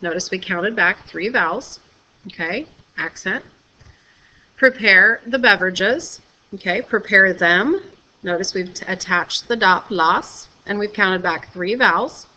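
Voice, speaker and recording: A woman teacher giving a recorded video lesson, explaining patiently and clearly and often checking with "okay?". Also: mid-range voice, measured pace, pushed and bright, slight background noise, poor audio.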